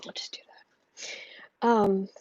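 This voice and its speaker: A woman's voice: a little slow, highs cut off, noisy background. A woman hosting a livestream from home on an earpiece microphone, chatting loosely and reading comments from her chat. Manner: rambling and warm, with frequent fillers and asides. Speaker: astrology and tarot livestream host.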